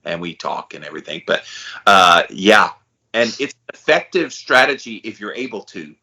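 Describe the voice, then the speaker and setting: A man co-hosting a podcast, talking in a loose, slangy, animated way. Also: fairly low pitch, normal speed, gravelly. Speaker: podcast co-host. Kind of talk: casual chat.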